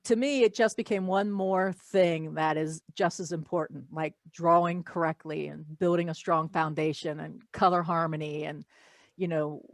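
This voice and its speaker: A woman hosting an art podcast, talking in a relaxed, chatty way as she gives her listeners tips. Her voice sits on the low side. The recording is dry and close, with little room sound. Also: normal speed, no room sound. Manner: chatty, wraps up with friendly advice to listeners. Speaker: podcast host. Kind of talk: casual chat.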